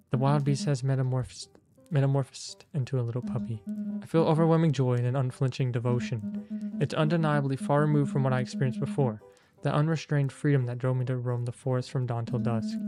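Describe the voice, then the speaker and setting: A man's voice: mid-range voice, steady tone, brisk, over music, natural voice. Man reading a courtly devoted ex-beast. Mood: earnest devoted. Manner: earnest, formal, courtly. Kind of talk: reading game dialogue aloud.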